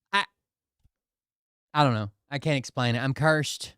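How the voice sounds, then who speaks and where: A man hosting a casual talk show, telling a story in a profane, animated, exasperated way. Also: medium pitch, measured pace, long pauses, clear, resonant tone, no room sound, clean studio sound. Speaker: host.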